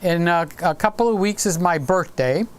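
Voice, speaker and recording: A man's voice: high-pitched, expressive, moderate pace, smooth. A man in his late sixties hosting a casual live stream, rambling and stopping to greet viewers by name. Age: 60s.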